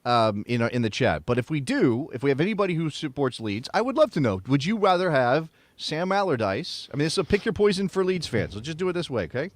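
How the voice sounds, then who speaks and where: A man co-hosting a soccer podcast, talking through a casual sports debate in an animated way, with frequent restarts and sudden jumps in pitch. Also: fast, few pauses, a little hiss or hum. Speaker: podcast co-host.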